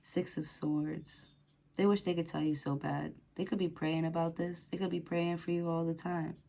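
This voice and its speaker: A woman's voice: low-pitched, level tone, normal speed, creaky, dark tone. A woman doing a casual tarot reading to camera, chatty and laughing often, with lots of fillers. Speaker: tarot reader.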